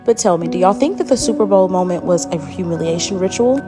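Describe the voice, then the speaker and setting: A woman's voice: on the low side, expressive, quick pace, over loud music. A woman narrating a clip in a dramatic, insinuating scripted style. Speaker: commentary narrator.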